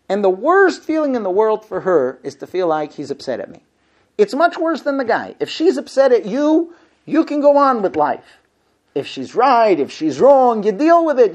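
A man giving a marriage talk as a rabbi, animated and full of rhetorical questions. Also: sits high. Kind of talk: lively lecture to men.

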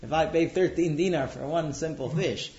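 A man's voice: on the high side, moderate pace, a little mellow, close to an everyday voice. A man voicing a defiant young Roman servant, with brash, slangy talk. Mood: defensive. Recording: dull lo-fi recording.

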